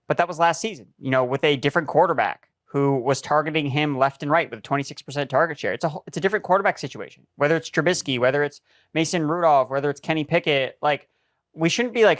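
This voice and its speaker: Steady analytical man on a podcast. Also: a little high, no echo, clean studio sound. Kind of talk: casual podcast chat.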